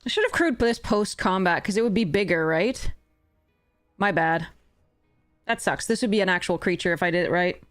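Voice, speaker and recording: A woman's voice: mid-range voice, lively intonation, moderate pace. A woman streaming a card game, thinking aloud, swearing and frustrated, with faint music behind. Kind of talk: live game commentary.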